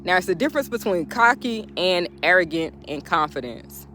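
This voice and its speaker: Bright-voiced woman motivational speaker outdoors. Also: on the low side, normal speed, slight background noise. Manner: animated, laughing often, talking straight to viewers. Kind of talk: casual motivational vlog talk. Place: outdoors, birds in background.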